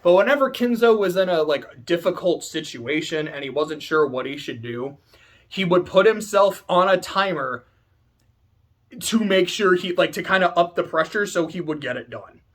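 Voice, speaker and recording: A man's voice: fairly high pitch, animated, moderate pace. A man ranting casually about a story, rambling, joking and swearing freely. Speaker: video host. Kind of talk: casual rant.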